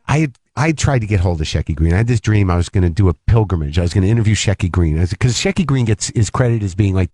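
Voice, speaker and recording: Low-voiced man telling a rambling story. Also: no echo. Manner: rambling, animated, self-interrupting. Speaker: comedian and podcast host, guest. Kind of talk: casual storytelling on a talk radio show.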